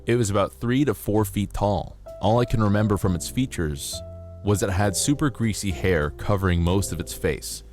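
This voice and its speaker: Male streamer, lower register, casual and jokey, reads stories aloud and riffs on them. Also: normal speed, a little mellow, faint music behind. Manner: joking, playful, swears casually, laughs at himself. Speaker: livestreamer. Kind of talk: casual livestream chat, reading out stories.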